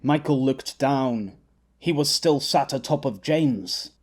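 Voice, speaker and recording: With a mid-range voice, a man reads scripted narration from an audiobook, telling the story at a measured, even pace.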